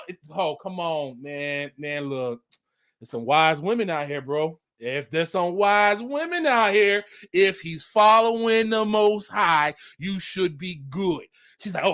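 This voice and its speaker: A man with a notably high voice for his sex, talking in a loose, slangy way. He delivers a casual religious commentary monologue, animated and quick to laugh. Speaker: vlogger.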